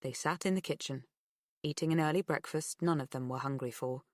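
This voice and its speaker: A woman narrating an audiobook thriller in a measured, expressive reading. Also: deep voice, dry recording, studio quality. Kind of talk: scripted narration.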